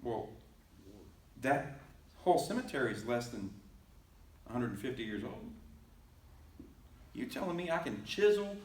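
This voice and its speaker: A man's voice: medium pitch, sing-song, a little slow, long pauses, reverberant, distant mic, rough recording. A male pastor giving a conversational sermon, reading scripture aloud and asking the congregation questions. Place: church sanctuary.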